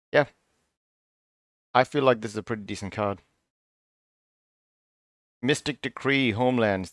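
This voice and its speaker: Low-voiced man musing over cards. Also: dry recording, studio quality. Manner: musing, half-sarcastic, self-interrupting. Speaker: card review channel host. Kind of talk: casual card review commentary.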